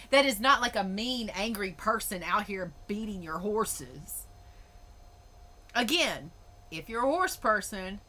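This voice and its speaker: A woman's voice: on the high side, sharp tone. A woman hosting a podcast, ranting in a blunt, emphatic way and swearing freely. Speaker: podcast host. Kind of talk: opinionated podcast monologue.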